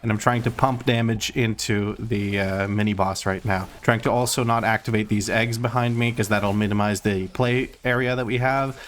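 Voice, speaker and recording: A man's voice: on the low side, fairly even intonation, normal speed, few pauses, a little hiss or hum. A man hosting a gaming channel, recapping runs and commenting live on his gameplay in a casual, chatty, self-deprecating way with frequent fillers.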